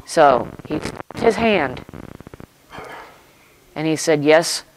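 With a mid-range voice and lively intonation, this pastor preaches over a noisy background. He retells a scripture story in short, slow, deliberate phrases, stopping to pause and reflect out loud.

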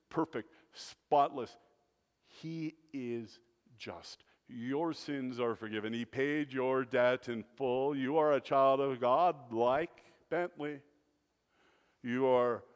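A man preaching as a pastor, his voice at a middle pitch that rises with loud emphasis and drops to near a hush. He delivers a dramatic sermon with wide swings in pace and loudness. His voice carries a long reverb from a church sanctuary.

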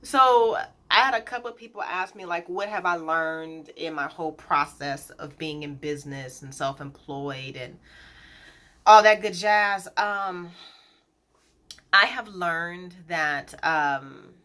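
A woman in her thirties talking to her viewers in a candid, chatty vlog, pausing often with fillers. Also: lowish voice, pushed and bright. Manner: chatty, candid, gets emotional, many fillers. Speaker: colon hydrotherapist and business owner.

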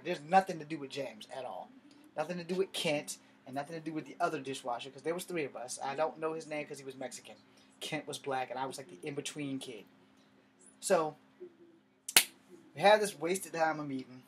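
A man's voice: a little high, moderate pace, slight background noise. Profane young man telling a story. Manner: animated, profane, conversational. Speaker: comedian. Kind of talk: stand-up storytelling.

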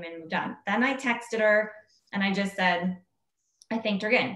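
A woman telling a story casually to a group, acting out what people said in a higher voice. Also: moderate pace, fairly bright tone, echoey room, low-quality recording. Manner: chatty, acts out quoted speech in a higher voice. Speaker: team member sharing a story.

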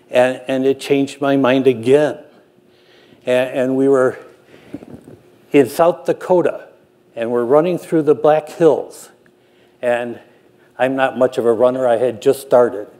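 An older man, a production manager, telling a self-deprecating story with frequent halting restarts. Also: medium pitch, warm tone. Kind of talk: anecdotal storytelling talk.

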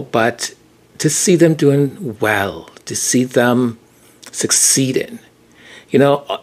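A man hosting his own channel, speaking reflectively and pausing often, close to tears as he talks. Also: mid-range voice. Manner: slow, reflective, pausing to gather himself. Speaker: channel host. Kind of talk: emotional solo commentary.

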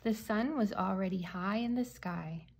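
Woman storyteller for a children's book, unhurried and gentle, a gravelly, husky tone. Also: mid-range voice. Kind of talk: reading a picture book aloud.

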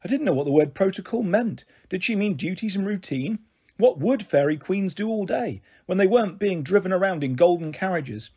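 A man reading a children's book aloud in an expressive way. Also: high-pitched, husky. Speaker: storyteller.

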